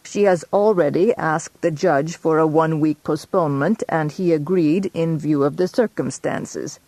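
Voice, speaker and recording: A cold, formal male doctor with a stilted foreign accent, measured and distant, as a woman reader puts him on. The voice sits low and dry, close to the mic. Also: warm tone, dry recording. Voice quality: stiff and formal.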